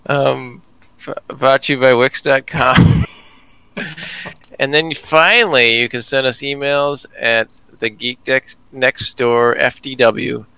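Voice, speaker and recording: A man co-hosting a casual podcast, his voice gravelly with fry and smooth underneath. He rambles loosely and laughs at his own jokes. The sound is dry and close, with no room in it. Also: mid-range voice, fairly even intonation, takes it slowly, sharp tone, no room sound, rough recording. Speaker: podcast co-host.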